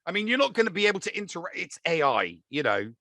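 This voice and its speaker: A man's voice: sits high, very animated, fast, pushed and bright. A British man co-hosting a podcast in casual chat, rambling with lots of fillers and restarts. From United Kingdom. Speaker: podcast co-host.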